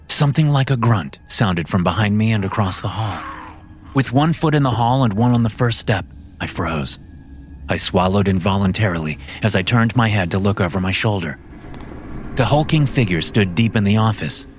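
A man with a low-pitched voice narrates a horror story in the first person. He tells it at a measured, steady pace.

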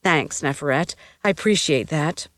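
A woman's voice: sits low, moderate pace, a bit bright, no echo, studio quality. A woman voicing a guarded teenage girl who answers carefully and politely in an audiobook. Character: guarded teenage girl hiding her distrust.

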